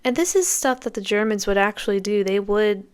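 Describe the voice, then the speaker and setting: Speaking fairly quickly with a clean tone, this woman has a medium-pitched voice and lively intonation. As a podcast host, she responds to a film scene by scene in an enthusiastic, conversational way.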